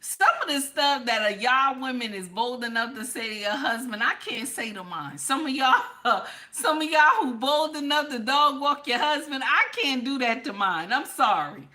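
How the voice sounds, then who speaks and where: Bright, teasing woman. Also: sits high, moderate pace, hardly any pauses. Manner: animated, teasing, talks straight to chat viewers. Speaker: livestream host reading chat. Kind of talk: casual reaction livestream chat.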